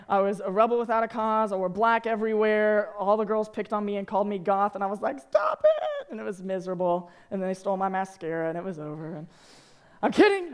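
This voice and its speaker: A man's voice: high-pitched, clean tone. Joking young man preaching to students. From Arkansas. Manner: animated, joking storyteller. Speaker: youth speaker. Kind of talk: sermon to students.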